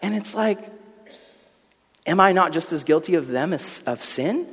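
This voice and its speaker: A young man delivers a relaxed, storytelling sermon, jumping into quick character voices to make his points. His voice sits a bit high, and a long reverb trails behind each phrase. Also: creaky, slightly rough. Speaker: preacher. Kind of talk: casual sermon with acted-out scenes.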